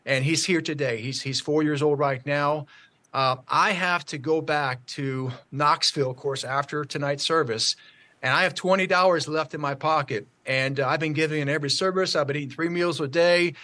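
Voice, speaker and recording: Halting man telling a church story. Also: fairly high pitch, sharp tone. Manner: halting, many fillers and restarts. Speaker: minister telling a testimony. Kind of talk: storytelling testimony on a call. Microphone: call audio.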